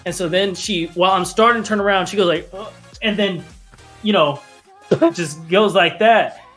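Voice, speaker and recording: A man's voice: sits high, moderate pace, a bit bright, faint music behind. A young man telling a rambling story in casual chat, acting out quotes with laughs. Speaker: podcast guest or co-host.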